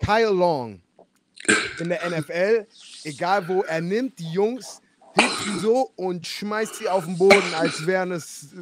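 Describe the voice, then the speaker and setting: High-voiced co-host. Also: male voice, a little slow, slight background noise. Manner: relaxed, chiming in with jokes. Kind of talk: casual chat.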